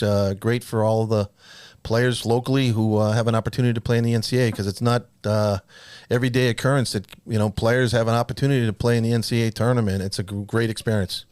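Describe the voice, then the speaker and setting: A man with a New England accent co-hosts a casual podcast chat. He talks haltingly, with lots of fillers and dry humor, and his voice sounds close and dry with no room echo. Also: medium pitch, darkish tone. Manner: hesitant, full of pauses and fillers, dry humor. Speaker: podcast co-host.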